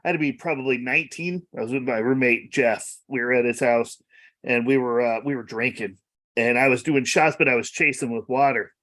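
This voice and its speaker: A man's voice: medium pitch, a little fast, a bit bright. A laid-back man in casual chat, laughing often and swearing freely.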